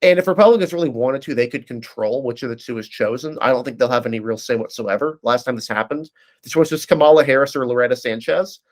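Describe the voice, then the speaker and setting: Fast-talking man analyzing politics. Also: mid-range voice. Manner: fast, analytical, frequent restarts. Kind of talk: casual political discussion.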